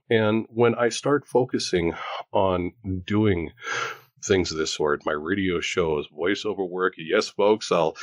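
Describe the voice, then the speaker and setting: Man, forties, very low voice, chatty, self-joking, dry recording. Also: no room sound, lo-fi sound. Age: 40s. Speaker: host. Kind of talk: casual chat.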